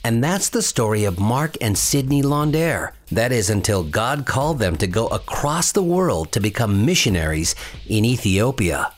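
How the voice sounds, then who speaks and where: A man's voice: fairly low pitch, sing-song, moderate pace. A man hosting a faith program, giving a scripted, earnest introduction. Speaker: radio show host. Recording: faint music behind.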